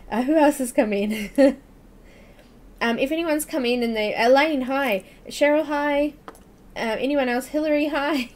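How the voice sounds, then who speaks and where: A woman hosting a live coloring tutorial stream, chatting casually, laughing often and greeting viewers by name. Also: high voice. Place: home room with air conditioner running.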